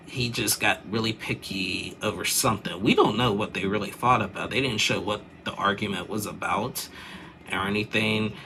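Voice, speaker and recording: A man's voice: on the low side, vocal fry, sharp tone, slight background noise. A young man chatting casually as he recaps a reality show, rambling with lots of fillers and restarts.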